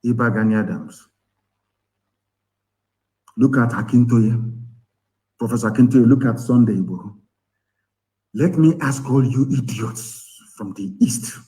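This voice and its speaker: A man's voice: mid-range voice, mellow, low-quality recording. A man with a Nigerian accent giving an impassioned live broadcast, angry and scornful, firing rhetorical questions. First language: Igbo. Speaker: activist leader broadcasting.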